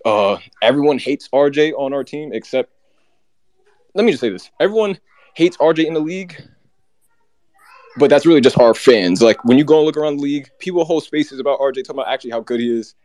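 A man co-hosting, delivering a rapid, heated, run-on sports rant. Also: mid-range voice, lively intonation, darkish tone, dry recording. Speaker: co-host.

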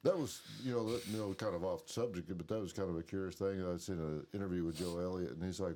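A man with a very low, dark, mellow voice holds forth in loose late-night podcast chat. He rambles from story to story and swears freely. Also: quick pace, few pauses, slight background noise. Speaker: podcast co-host.

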